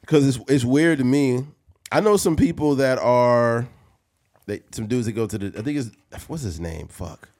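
A man in his late thirties hosting a casual podcast chat, loud and profane, joking, his voice jumping up for punchlines. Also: mid-range voice, lively intonation, moderate pace. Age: 30s. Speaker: podcast host.

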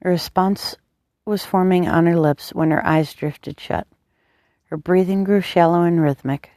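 A woman narrating a romance story in a calm, measured reading. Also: lowish voice, no echo, studio quality. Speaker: audiobook narrator.

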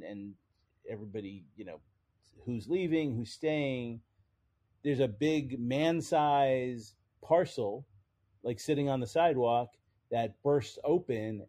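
Man, mellow voice, casual podcast co-host, explains comic trivia, hesitant restarts. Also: medium pitch. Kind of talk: casual chat about comic history.

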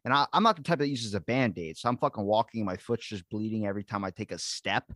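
A man hosting a podcast in casual chat, telling animated stories full of swearing and acted-out quotes. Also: fairly low pitch, quick pace, no room sound, clean studio sound. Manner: animated storyteller, swears constantly, acts out quotes. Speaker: podcast host.

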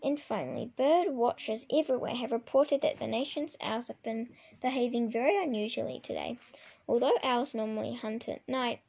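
Formal male newsreader, gravelly and mellow, done by a woman. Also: fairly high pitch, moderate pace. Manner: formal broadcast delivery.

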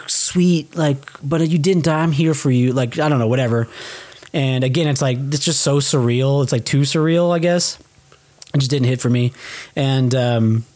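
A young man co-hosting a podcast, casually recapping a film in an animated way, swearing offhand and acting out the characters' lines. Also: mid-range voice. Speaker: podcast co-host.

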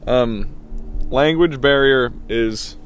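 A young man hosting a casual podcast, speaking in a middle-range voice. His talk is relaxed and loose, with restarts and "man" tossed in at the ends of his sentences. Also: mid-range voice, slow pace, slight background noise. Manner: laid-back, rambling, says "man" a lot. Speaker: podcast host.

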